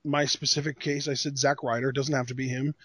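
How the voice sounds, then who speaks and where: A man's voice: medium pitch, little pitch movement, brisk, fairly bright tone, breathy edge, no echo. A man co-hosting a casual wrestling review podcast, blunt and exasperated, quizzing his co-host with pointed questions.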